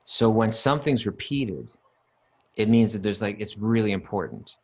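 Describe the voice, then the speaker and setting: A man with a very low, deep voice leads a relaxed scripture discussion. He talks emphatically, circles back on his words, and breaks into chanted Sanskrit verses. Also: normal speed, muffled recording. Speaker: podcast co-host teaching scripture. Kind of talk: casual teaching talk.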